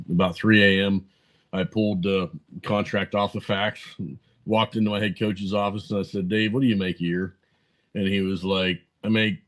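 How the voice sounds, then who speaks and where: Low monotone guy on a podcast, rambling stories, lots of uh and um. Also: low-quality recording. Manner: rambling anecdotes full of fillers and quoted dialogue. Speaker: podcast guest. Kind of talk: casual storytelling interview.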